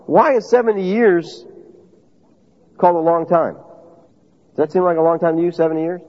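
High-voiced preacher, husky. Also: male voice, normal speed. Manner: emphatic, conversational, asks the audience questions. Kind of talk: sermon. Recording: dull lo-fi audio with long reverb.

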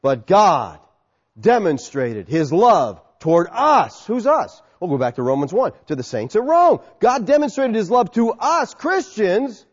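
Emphatic male preacher, high and animated voice, echoey hall. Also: a little slow, slightly rough, highs cut off. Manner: emphatic, asks and answers rhetorical questions. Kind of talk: sermon.

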